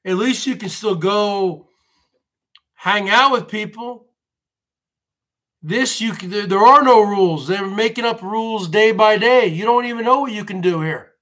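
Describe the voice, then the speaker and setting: A man's voice: high-pitched, a little slow, a bit bright. A man hosting a livestream, ranting in a rambling, repetitive monologue and often addressing his viewers as folks. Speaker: livestream host.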